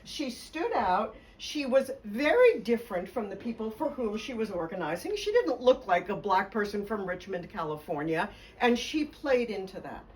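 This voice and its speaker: A woman's voice: medium pitch, sing-song, normal speed, few pauses, a little mellow, recorded from a distance, slight background noise, low-quality recording. A woman biographer telling stories in a conversation, speaking fluently and with emphasis. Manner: fluent, emphatic, laughs along. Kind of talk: conversational storytelling interview.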